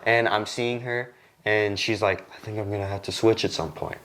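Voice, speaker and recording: A young man in a podcast studio spins a casual work story, his voice sitting on the low side. He slips into the people he quotes, his pitch leaping up when he acts them out, then drops back to an easy chatty tone. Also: moderate pace. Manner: animated, acts out quoted lines with jumps in pitch. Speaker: podcast host.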